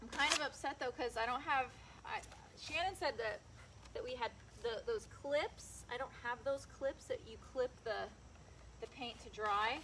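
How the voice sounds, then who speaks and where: A woman's voice: fairly high pitch, moderate pace. Chatty young woman over sanding noise. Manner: chatty, talks to viewers and reads their comments. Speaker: livestream host. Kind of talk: casual live chat while working. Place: outdoors on grass. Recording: loud sanding noise in background.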